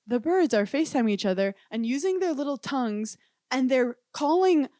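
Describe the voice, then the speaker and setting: A young woman co-hosting a podcast, chatting casually and telling animated, giggly stories full of "like". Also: high-pitched, fairly quick, no room sound, clean studio sound. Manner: giggly, animated storytelling with frequent "like". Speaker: podcast co-host. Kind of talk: casual chat.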